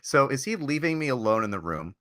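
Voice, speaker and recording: A man playing a tabletop game, asking the game master eager, animated questions. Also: medium pitch, brisk. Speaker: player. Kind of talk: tabletop role-play.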